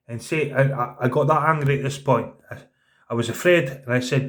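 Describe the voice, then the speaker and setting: A man tells a personal story on a vlog. He speaks earnestly, stumbles and repeats words, and often drops to a quieter voice when quoting people. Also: medium pitch, fairly quick. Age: 30s. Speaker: vlogger telling a personal story. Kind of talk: casual spoken storytelling.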